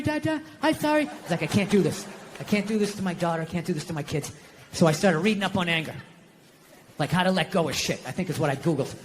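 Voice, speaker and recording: Over slight background noise, a man from the United States does a stand-up comedy set, ranting loudly and profanely. His delivery lurches from shouts down to low mutters.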